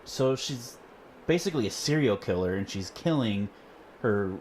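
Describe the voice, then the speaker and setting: Animated man chatting, noisy room. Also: moderate pace. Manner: animated, laughs often, quotes lines in a higher voice. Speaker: podcast co-host. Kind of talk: casual chat. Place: home.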